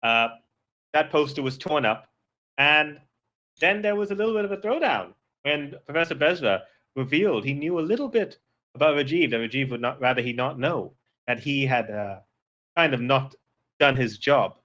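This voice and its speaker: A man's voice: medium pitch, expressive, moderate pace, bright, forceful tone. A man narrating a tabletop game as game master, rambling with many fillers and restarts.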